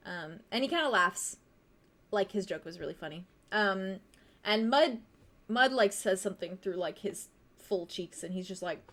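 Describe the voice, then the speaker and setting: A woman's voice: medium pitch, lively intonation, normal speed, a bit bright. A woman running a tabletop game as game master, narrating casually with many fillers. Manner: casual and hesitant, with many fillers and frequent laughs.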